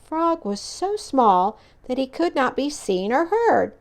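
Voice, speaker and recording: A woman reading a children's picture book aloud in an expressive, animated way. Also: high voice, slow pace. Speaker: storyteller.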